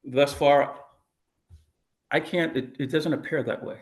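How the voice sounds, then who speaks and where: A man's voice: fairly high pitch, fairly even intonation, unhurried. A man, a police officer, answering deposition questions in a guarded, noncommittal way. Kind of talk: deposition testimony.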